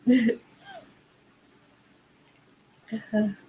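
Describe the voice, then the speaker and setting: A woman's voice: fairly high pitch, wildly swooping pitch, extremely slow, mellow, low-quality recording. A woman with a Southern American accent hosting a casual livestream, chatting in a rambling way and answering viewers' comments. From Southern United States. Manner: rambling, chatty, heavy use of "like" and "y'all".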